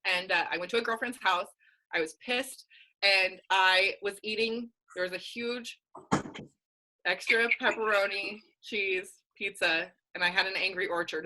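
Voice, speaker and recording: A woman's voice: medium pitch, fairly even intonation, moderate pace, pushed and bright, rough recording. A young adult woman coach giving a candid, emphatic motivational talk on a team video call, full of casual slang. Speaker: guest speaker, fitness coach.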